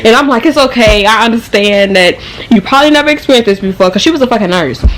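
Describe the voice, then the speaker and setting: A young woman telling her story straight to camera in loose, slangy talk full of swearing. She's animated and keeps the tale rolling, with a faint hiss behind her. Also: on the high side, fast. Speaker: vlogger. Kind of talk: casual storytime.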